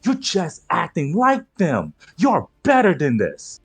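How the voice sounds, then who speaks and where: A man playing a tabletop game, speaking in character with slow, deliberate scolding. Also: sits high, huge pitch swings, creaky, slightly rough, faint music behind. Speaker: player. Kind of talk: in-character tabletop role-play.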